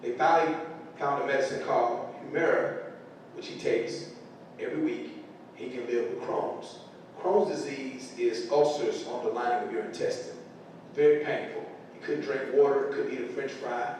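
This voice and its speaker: A man's voice: normal speed, a little mellow. A middle-aged man gives an earnest, emotional motivational speech to school staff. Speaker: parent speaking to school staff. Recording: echoey large room from far off, faint rumble.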